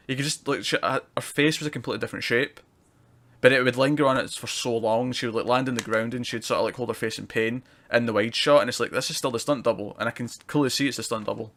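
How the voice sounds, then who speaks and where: A man chats loosely through a TV episode review, rambling between points and laughing often. His voice sits at an ordinary middle pitch. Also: quick pace, fairly bright tone. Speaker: podcast co-host reviewing TV. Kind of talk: casual review chat.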